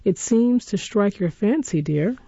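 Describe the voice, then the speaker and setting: A woman's voice: mid-range voice, expressive, unhurried, gravelly, dark tone, husky, dry recording, dull audio, heavily acted. A woman voicing a kindly, bustling old housekeeper in a storybook reading, motherly and fond. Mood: fond, coaxing.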